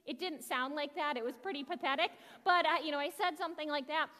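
A woman pastor gives a sermon in a bright, high voice. She talks fast and animated, telling stories to her congregation, and a long church reverb trails after each phrase. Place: church sanctuary.

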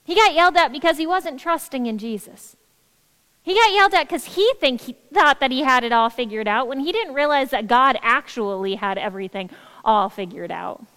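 A woman's voice: high-pitched, fairly bright tone, clear, resonant tone, in a large hall. A woman pastor preaching a sermon in an earnest, emphatic way, repeating her key phrases.

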